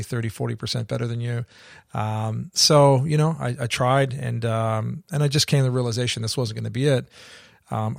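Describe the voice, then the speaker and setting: A middle-aged man from Canada, a guest in an interview, telling his story in a halting way with many restarts. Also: mid-range voice, creaky, no echo, studio quality.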